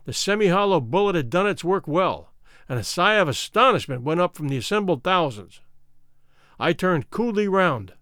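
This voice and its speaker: Guy reading an old adventure story, super animated, dry sound, dramatic. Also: high-pitched, moderate pace, no echo. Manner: lively, dramatic storytelling with an old-fashioned formal tone. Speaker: audiobook narrator. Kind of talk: expressive scripted narration of a classic adventure novel.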